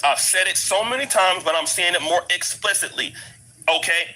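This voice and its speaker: A man's voice: sits high, normal speed, pushed and bright, poor audio. A middle-aged American man with an African American English accent, living abroad and delivering a blunt, emphatic commentary rant that hammers the same points over and over. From United States. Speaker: commentary vlogger. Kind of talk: ranting commentary.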